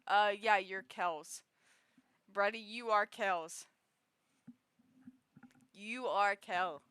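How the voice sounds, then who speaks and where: A woman's voice: a little high, a bit bright, smooth, no echo, studio quality. A young woman streaming, chatting casually with lots of giggles and fillers. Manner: giggly, filler-heavy rambling. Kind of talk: casual chat on a livestream.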